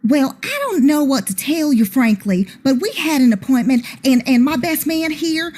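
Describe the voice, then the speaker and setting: A brash woman bluffs in an exaggerated American Southern accent, climbing high in pitch as she pushes and stammers, as a player puts her on. The drawl is deliberately overdone. Her bluster is pushy and halting. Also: animated, a little mellow. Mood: indignant. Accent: put-on American Southern.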